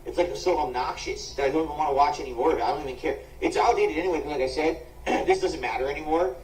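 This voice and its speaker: A man's voice: on the high side, quick pace, a little mellow. A man live streaming in a casual way, complaining about a video and pleading for donations. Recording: distant, echoey clip with faint hiss.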